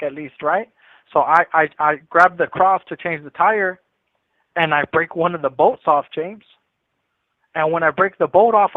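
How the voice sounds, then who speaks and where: A man's voice: a little high, no room sound. A man calling in from prison, casually telling a story in loose street slang and often repeating himself. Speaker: incarcerated caller. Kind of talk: casual storytelling on a phone call. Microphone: prison phone. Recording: tinny dry prison phone line.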